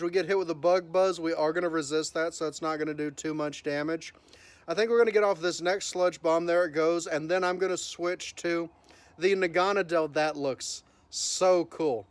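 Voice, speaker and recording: A man's voice: high-pitched, no echo. A man hosting his gaming channel, giving upbeat live commentary and narrating each move as it happens. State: voice cracking from early morning.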